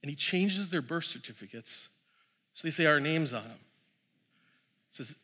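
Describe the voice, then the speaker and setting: Storytelling pastor in an echoey hall. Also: male voice, fairly high pitch, lively intonation, moderate pace, pauses often, bright, forceful tone. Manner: conversational storytelling, laughs often. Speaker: pastor sharing testimony. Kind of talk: sermon with personal story. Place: church.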